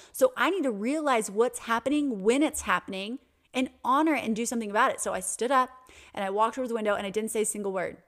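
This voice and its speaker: A young adult woman hosting a podcast, telling a personal story in an earnest, reflective way with small restarts. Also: a little high. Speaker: podcast host.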